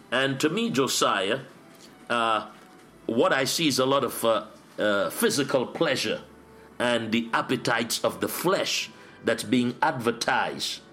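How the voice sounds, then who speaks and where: A middle-aged man speaking as a pastor in an interview. He builds his points through earnest repetition, with the steady rhythm of a preacher. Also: mid-range voice.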